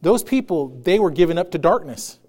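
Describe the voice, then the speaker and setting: A man's voice: high-pitched, expressive, fairly quick, a little mellow. A male pastor preaching a conversational sermon, laughing often and acting out quotes.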